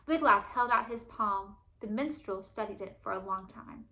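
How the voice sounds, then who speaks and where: A woman reading a children's chapter book aloud for a library book club, lively and expressive. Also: medium pitch, normal speed, hardly any pauses. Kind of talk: storybook read-aloud.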